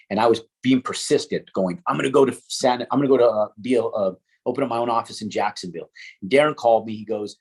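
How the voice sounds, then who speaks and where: A middle-aged man tells a story from his own past, relaxed and conversational. His voice sits a bit low and has a husky edge. He swears freely and acts out other people's lines in dialogue. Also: quick pace. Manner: swears casually, animated with quoted dialogue. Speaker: interview guest, entrepreneur. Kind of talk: casual storytelling.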